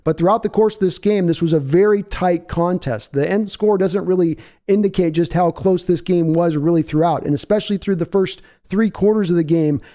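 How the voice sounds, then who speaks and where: High-voiced man hosting a fan stream. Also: brisk, few pauses, dark tone. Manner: rambling, restarts phrases, reads donations aloud. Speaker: sports fan channel host. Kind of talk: live reaction stream commentary.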